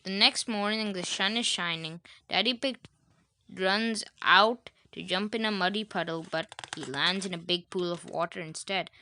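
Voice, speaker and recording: A woman's voice: mid-range voice, normal speed, bright, forceful tone. A woman reading a children's storybook aloud, adding chatty asides to the listener.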